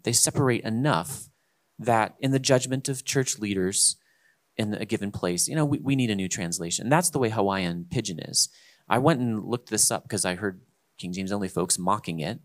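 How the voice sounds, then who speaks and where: A man with a lowish voice hosts a casual discussion, lecturing emphatically and swinging between loud stresses and quiet asides.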